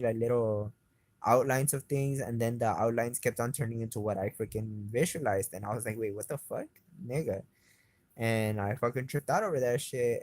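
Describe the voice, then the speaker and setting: Man, lower voice, rambling agitated storyteller, heavy swearing, Spanish words mixed in, dry close sound. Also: darkish tone, dry recording. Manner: rambling, profane, heavy on fillers; agitated, keeps retelling his frustration. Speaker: interviewee recounting events. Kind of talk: casual spoken monologue.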